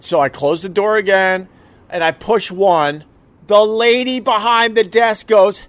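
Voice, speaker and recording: A man's voice: sits high, a little slow, no room sound. A man telling a personal emergency story in a casual, emotional way, swearing and acting out what others said. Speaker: husband recounting an emergency.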